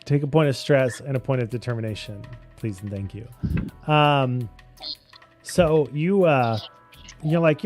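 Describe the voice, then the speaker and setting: A man's voice: mid-range voice, darkish tone, faint music behind. A man narrating a tabletop game as game master, playful and often laughing, with voices tossed into his narration. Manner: playful, laughing, voices characters in quick asides.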